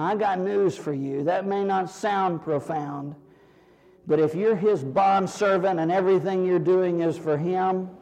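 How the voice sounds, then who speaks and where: A man with a high, gravelly voice preaches, swinging between quiet explanation and soaring, shouted prayer. The 1980s recording rings with a long church-hall reverb. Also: lo-fi sound. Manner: animated preaching that rises to shouts in acted prayers. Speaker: pastor. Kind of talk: sermon.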